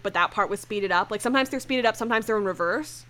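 A young woman talks through a casual podcast in a middle-pitched voice, chatty and loose with her fillers. She breaks off now and then to read quoted lines aloud in the same easy tone. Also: quick pace, pushed and bright. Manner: chatty, reads quotes aloud, frequent "like" and laughs. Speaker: podcast co-host.

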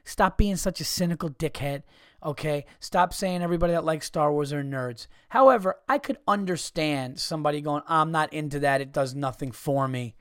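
A man hosting a podcast, telling stories in a profane, animated comedic rant with frequent restarts. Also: on the high side, no room sound, clean studio sound. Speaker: podcast host.

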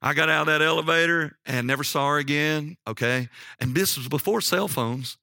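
A man preaching a sermon, telling a personal story and rising in pitch for emphasis. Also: brisk, creaky, dry recording, studio quality. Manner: animated, jumps up in pitch for emphasis.

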